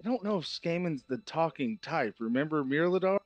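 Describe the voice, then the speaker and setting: A man's voice: fairly high pitch, expressive, fairly quick, dry recording, highs cut off, soft background music. Blunt, swearing man at the game table. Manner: blunt, profane, urgent. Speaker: player. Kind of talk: in-character tabletop play, swearing.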